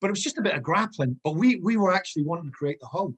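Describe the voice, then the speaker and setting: A man in his fifties tells his old football stories at a relaxed, rambling pace. His voice is husky and a little rough. He keeps wandering off into side stories and laughs as he goes. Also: high voice, racing. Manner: rambling anecdotes, digresses, laughs often. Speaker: former footballer guest. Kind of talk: casual storytelling chat.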